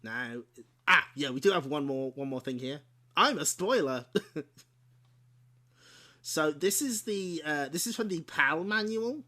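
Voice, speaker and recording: His voice sits on the high side, animated yet a little slow, with frequent pauses and a bright, forceful tone. As a streamer host he shows off old game discs, chatting casually, giggling often and fixing his own slips.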